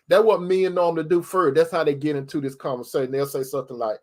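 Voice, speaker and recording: A man's voice: fairly high pitch, quick pace, hardly any pauses, a little mellow. Host, male, casual preacher style, repeats himself, talks straight to the audience. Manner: folksy, repeats phrases, addresses brothers and sisters directly. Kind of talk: casual preaching talk to viewers.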